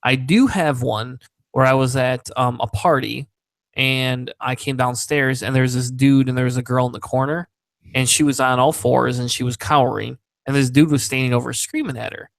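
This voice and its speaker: A man's voice: medium pitch, steady tone, normal speed, creaky, no room sound. A man hosting a podcast, telling stories in casual, profane chat and laughing often. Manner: profane, rambling, laughing storyteller. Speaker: podcast host.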